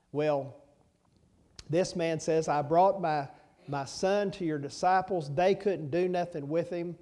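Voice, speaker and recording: Slow, mellow folksy preacher man. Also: fairly high pitch. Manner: folksy preaching with rhetorical questions and repeated phrases. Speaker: pastor. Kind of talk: sermon.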